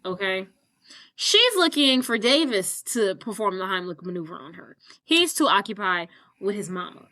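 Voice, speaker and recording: A woman podcast co-host casually recapping a movie plot, animated and full of swearing. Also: medium pitch, normal speed. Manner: animated retelling with acted quotes, swearing.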